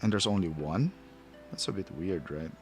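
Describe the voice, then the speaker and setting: A man's voice: sits low, normal speed, over music. A man who is not a native English speaker, casually rambling and thinking aloud as he reviews a toy, chuckling at himself. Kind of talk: casual unboxing commentary.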